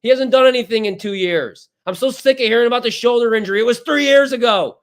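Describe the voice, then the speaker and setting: A man's voice: very high-pitched, fast talker. A man co-hosting sports talk radio, ranting in a fired-up, exasperated way. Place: radio studio.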